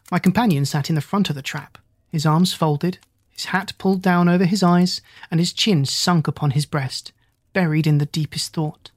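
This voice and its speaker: An audiobook narrator reading a classic story in a steady, descriptive, formal manner. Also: mid-range voice, no echo, studio quality.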